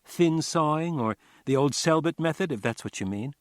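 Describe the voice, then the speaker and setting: A man voicing a brisk young ex-magician's assistant. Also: on the high side, expressive, no echo, studio quality, voice pushed up, lightly acted.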